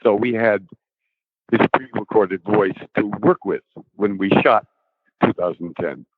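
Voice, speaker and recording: A man's voice: on the low side, unhurried, no room sound, narrow, tinny audio. An older actor recalling his work in an interview, speaking hesitantly, with many restarts and ums. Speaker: guest actor. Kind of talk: interview recollection.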